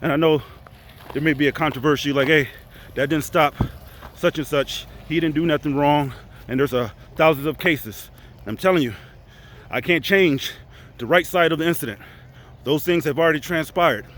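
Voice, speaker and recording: An earnest man tells a personal story for a motivational vlog, talking casually with plenty of fillers and restarts. His voice sits at an ordinary middle pitch, with a light hiss of background noise. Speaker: motivational speaker.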